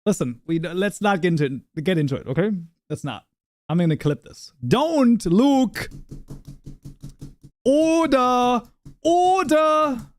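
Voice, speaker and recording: A man's voice: on the high side, dark tone, dry recording, clean studio sound. Rambling, chuckling male streamer. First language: German. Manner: rambling, laughing often, many fillers and restarts. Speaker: livestream host. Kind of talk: casual live chat with viewers.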